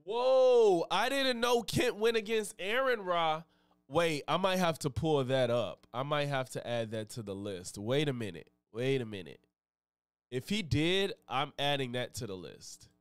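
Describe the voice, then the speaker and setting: A male streamer talks to his chat in a loose, rambling, profane way. His voice is smooth and clear. It is captured close up on a dry desk mic. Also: on the high side, expressive, a little slow, no echo. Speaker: live streamer, host. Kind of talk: casual live-stream reaction chat.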